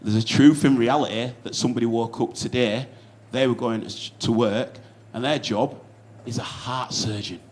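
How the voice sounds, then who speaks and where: A young stand-up comic with a Yorkshire accent, from Yorkshire, England, swears freely on stage and wanders through anecdotes stuffed with asides. His mid-range voice is steady in tone and a little mellow, at a moderate pace.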